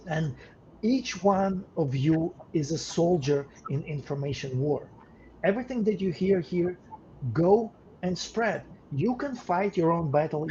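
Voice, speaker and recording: Male podcast co-host, earnest and repetitive delivery, mellow tone, lo-fi recording. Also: fairly high pitch. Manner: earnest, repeats words when starting phrases. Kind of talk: casual podcast talk. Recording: dull lo-fi sound with faint noise.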